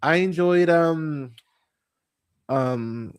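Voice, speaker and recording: A man's voice: fairly high pitch, extremely slow, clean tone. Rambling, profane male podcast host. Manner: rambling, profane, full of fillers and restarts; animated when mocking characters. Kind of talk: casual movie review chat.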